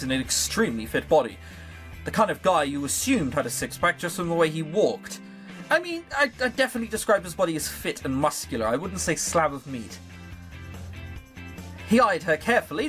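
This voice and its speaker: A man's voice: on the high side, fairly bright tone. A man reading a visual novel aloud for a video, with wry, sarcastic asides of his own. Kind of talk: reading aloud with joking commentary.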